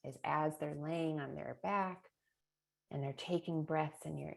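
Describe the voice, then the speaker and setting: A woman's voice: low voice, fairly even intonation, normal speed, gravelly, darkish tone. A middle-aged woman presenting a parenting webinar in a chatty way, often adding a rhetorical "right?" and little laughs. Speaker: early childhood presenter.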